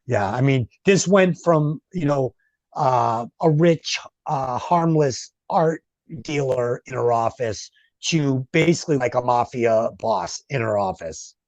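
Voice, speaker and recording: A man's voice: mid-range voice, animated, slow, a little mellow, dry recording, lo-fi sound. A man hosting a podcast, casually recapping a film with many fillers and asides. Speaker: podcast host. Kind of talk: casual movie review chat.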